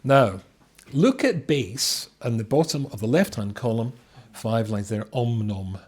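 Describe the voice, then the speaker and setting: A man's voice: medium pitch, unhurried, husky. A man, a rabbi, teaching a text class to a live audience, reading Hebrew lines and explaining them. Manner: lively, reads Hebrew text then explains it. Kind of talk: animated Torah class.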